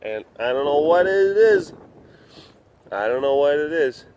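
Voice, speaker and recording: A man's voice: fairly high pitch, lively intonation, a little slow, darkish tone, a little hiss or hum. A man casually talking to the camera and to big cats while walking around an animal compound, rambling and playful. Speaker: big cat facility vlogger. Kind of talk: casual walk-around commentary.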